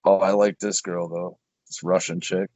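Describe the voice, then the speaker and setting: A man's voice: low voice, level tone, moderate pace, a little mellow, no room sound, muffled recording. A man co-hosting a podcast, chatting casually with blunt, profane reactions. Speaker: podcast co-host. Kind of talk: casual chat.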